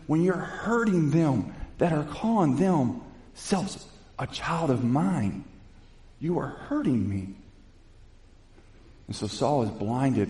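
A preacher delivers a sermon in a warm, mellow, mid-pitched voice, captured in a roomy space with noticeable echo. He alternates between reading from the Bible and retelling passages in loose, conversational terms, building up to emphatic questions.

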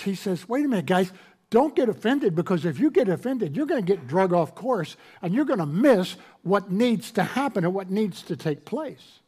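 A male pastor preaching a sermon to a congregation, quoting scripture in a raised, animated voice. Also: high-pitched, normal speed, breathy edge. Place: church hall with congregation.

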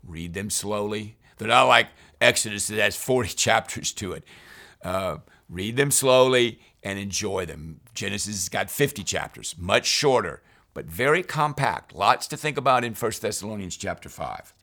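Low-voiced priest guiding Bible reading. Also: male voice, animated, bright, forceful tone. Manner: earnest, unhurried, reads scripture aloud. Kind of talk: Bible reading guide talk.

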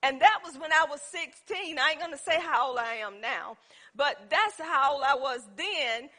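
This woman's voice sits high, with a sharp tone and an animated, moderate-paced delivery. In an informal Bible teaching, she illustrates her points with personal stories and asks her listeners questions.

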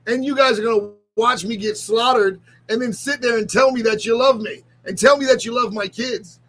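A middle-aged man talking in an emotional confessional vlog, close to tears, halting and often restarting his sentences. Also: very high-pitched, fairly even intonation, fairly bright tone, low-quality recording. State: on the verge of tears. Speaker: ministry leader and vlogger.

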